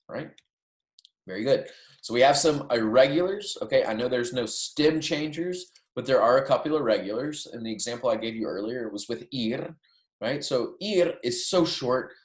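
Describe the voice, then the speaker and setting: A man, a Spanish teacher, giving a recorded lecture and walking through verb endings, often checking in with "right?" and "okay?". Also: medium pitch. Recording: echoey room.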